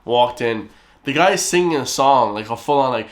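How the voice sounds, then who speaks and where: A man's voice: medium pitch, fast talker. A man with an Irish accent hosting a reaction video, chatting casually and using slang like bro. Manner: slangy and laid-back, says bro a lot.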